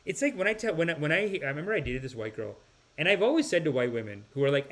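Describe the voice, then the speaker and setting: A man hosts a casual podcast, reading out viewer comments and rambling between them. He sighs and restarts often. His voice sits a little higher than most men's. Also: sing-song, fast, fairly bright tone. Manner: rambling, sighing, slips into impressions. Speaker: podcast host.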